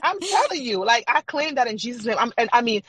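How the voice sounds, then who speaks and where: A woman's voice: on the high side, big pitch swings, quick pace, a bit bright, breathy edge. A woman guest on a podcast, telling her personal faith testimony in an emphatic, repetitive, testifying way.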